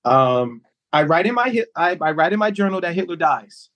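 A man's voice: on the high side, sing-song, normal speed, no room sound, highs cut off. A man as a podcast guest in casual chat, laid-back and joking in short replies.

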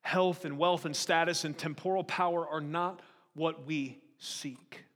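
Guy preaching, high-ish voice, lots of questions to the crowd, big echoey church hall. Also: unhurried. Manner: animated preaching, rhetorical questions to the congregation. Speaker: pastor. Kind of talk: sermon. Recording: long hall reverb.

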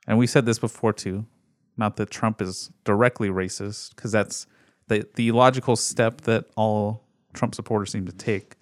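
Podcast co-host, man, lowish voice, wry delivery, dead-dry sound. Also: fairly even intonation, moderate pace, dry recording. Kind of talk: casual group chat.

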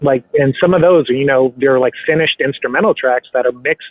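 A man answering interview questions about making his audio series, relaxed and rambling with many fillers. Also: medium pitch, fairly quick, no room sound. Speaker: podcast creator and voice actor. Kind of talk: casual interview talk. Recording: tinny phone-like line, dry.

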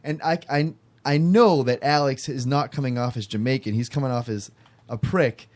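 A man's voice: mid-range voice, normal speed, darkish tone. Rambling man telling a story. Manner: rambling, restarts phrases, laughs at own story. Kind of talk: casual storytelling chat.

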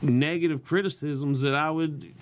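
A man's voice: a little high, fairly even intonation, normal speed. A young man with a Southern US accent, a comedian chatting casually on a podcast with lots of vocal inflection. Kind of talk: casual chat.

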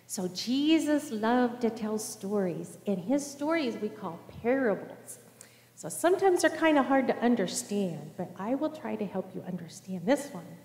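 A woman giving a children's sermon, telling a parable in simple, animated words and speaking to the kids directly. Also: fairly high pitch, unhurried. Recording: echoey church sanctuary.

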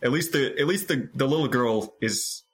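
A man's voice: mid-range voice, moderate pace, soft background music. A man takes part in a casual tabletop role-playing session. He talks things through thoughtfully, often repeating a word or two as he works out what to say. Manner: thoughtful, talks in character and out, repeating words as he goes. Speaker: player.

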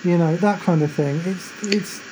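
A woman's voice: on the low side, moderate pace, mellow, slight background noise, rough recording. A woman hosting a podcast, chatty and agreeable, filling her talk with "you know" and "like". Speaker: podcast host. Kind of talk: casual faith podcast chat.

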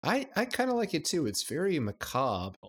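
A man's voice: fairly high pitch, huge pitch swings, normal speed, slightly rough. A man co-hosting a podcast in casual chat, thinking aloud and rambling with restarts. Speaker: podcast co-host.

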